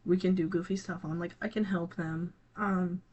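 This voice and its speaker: A teenage gaming creator talking casually to viewers, halting and scattered, with many restarts and trailing thoughts. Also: mid-range voice, steady tone, darkish tone, dull audio. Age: teens. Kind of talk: casual rambling talk to viewers.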